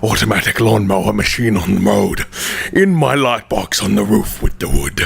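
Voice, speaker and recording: A man putting on a gravelly, wicked old villain. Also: lowish voice, lively intonation, normal speed, pitched below the performer's own voice, full character voice. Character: gravelly, wicked old male villain, spiteful toward all humans.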